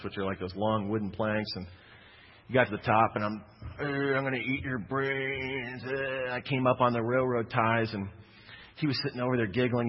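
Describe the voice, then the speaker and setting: A man's voice: medium pitch, breathy edge, big-room sound, muffled recording. A man preaching a sermon, telling a personal story in a conversational way with jokey asides.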